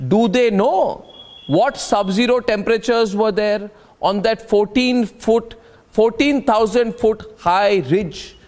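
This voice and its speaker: A man's voice: high-pitched, takes it slowly, darkish tone. A man with an Indian English accent anchoring a heated televised debate, combative and interrupting, repeating his phrases insistently. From Assam, India. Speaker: news anchor moderating a debate.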